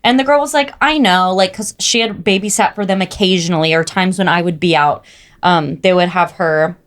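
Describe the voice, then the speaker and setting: A young woman co-hosting a podcast, telling stories in animated casual chat, full of "like" and "oh my God". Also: fairly low pitch, a little fast. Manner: animated storytelling, frequent "like" and "oh my God". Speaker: podcast co-host.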